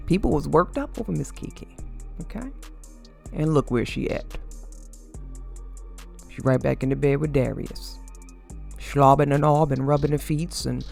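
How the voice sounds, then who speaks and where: A host giving casual opinion commentary on celebrity couples, animated and sassy, mocking fans by quoting them. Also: mid-range voice, gravelly.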